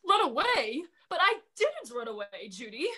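A woman's voice: sing-song, normal speed. A young woman acting a sly, cowardly male dragon in a school stage play, stammering and theatrical. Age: young adult. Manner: theatrical, stammering, sweeping pitch swings. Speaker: student actor.

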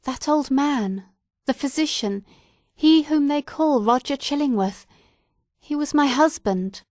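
A woman's voice: high voice, a little slow, darkish tone, dry recording, studio quality, voice pushed up. A woman voicing a passionate, desperate woman, pleading in a raised, impassioned voice in an audiobook.

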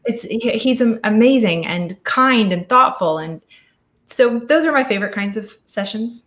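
A woman's voice: fairly high pitch, lively intonation, moderate pace, a bit bright, reverberant. A middle-aged woman, an audio studio founder, speaking casually and thoughtfully in a virtual talk over a video call. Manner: chatty, thoughtful, with frequent restarts.

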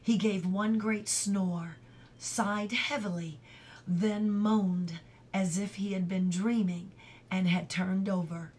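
Storybook reader, woman, very slow and careful pace, whispers the hushed scenes. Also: mid-range voice, fairly even intonation, husky. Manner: slow, careful, drops to a whisper for quiet moments. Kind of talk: storybook read-aloud.

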